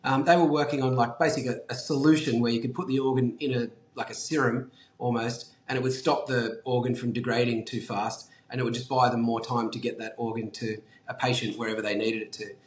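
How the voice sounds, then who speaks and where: A man with an Australian accent, a guest telling a story in a casual, animated way, swearing freely and saying "like" and "um" a lot. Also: medium pitch, fairly quick, hardly any pauses, echoey room. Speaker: guest, brand founder.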